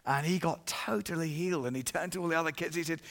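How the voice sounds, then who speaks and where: A middle-aged male evangelist tells a story from the pulpit, dropping to a hush and then surging loud. His voice is bright and a touch high for a man. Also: fast talker, creaky. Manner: animated, swings from hushed to loud. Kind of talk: storytelling sermon.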